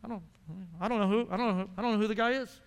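A man's voice: sits high, fairly even intonation, racing, clean tone. A man voicing the apostle Peter as a frightened man who stammers out a denial. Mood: flustered. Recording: long hall reverb.

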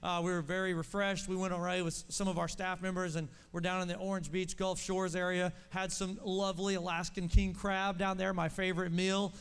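A man's voice: high-pitched, level tone, a little fast, hardly any pauses, smooth. A pastor from Oklahoma, a man leading a church service with enthusiasm and saying "man" often. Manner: enthusiastic, says "man" a lot. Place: church sanctuary in Texas. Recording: long reverb of a large church.

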